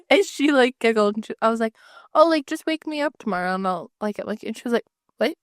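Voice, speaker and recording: A woman co-hosting a podcast in casual chat, telling family stories with lively acted-out quotes. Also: on the high side, a little fast, dry recording, studio quality. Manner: animated storytelling, acts out quotes. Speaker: podcast co-host.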